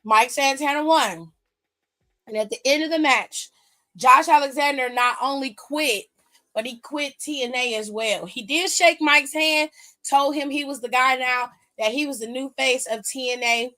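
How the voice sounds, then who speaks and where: A woman's voice: sits high, normal speed, bright, forceful tone. A woman hosting a wrestling aftershow, recapping matches in a blunt, sassy, casual way full of slang.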